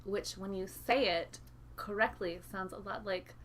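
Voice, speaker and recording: A woman's voice: medium pitch, unhurried. A woman musician co-hosting a livestream from home, chatting casually and rambling with lots of fillers. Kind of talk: casual chat. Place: home, indoors.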